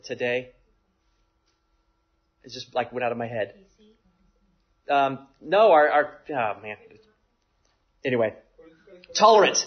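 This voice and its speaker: A man preaching a sermon in an animated way, acting out the voices in the passage he reads and often asking "right?". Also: medium pitch, slightly rough, lo-fi sound. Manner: animated, acts out quoted voices, frequent "right?". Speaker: pastor.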